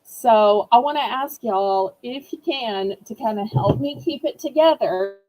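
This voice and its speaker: A woman runs a live-stream auction from her home and talks straight to her viewers on a webcam. Her voice sits a little high and sounds mellow and dark, and she talks slowly and gently, moving from holding back tears to warm, homey sales talk. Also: low-quality recording. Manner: emotional, holding back tears, then cheerful product pitching.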